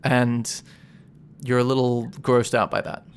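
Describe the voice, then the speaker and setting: A man's voice: medium pitch, unhurried, smooth. Man running a tabletop game, chatty. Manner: relaxed, chatty, corrects himself. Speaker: game master.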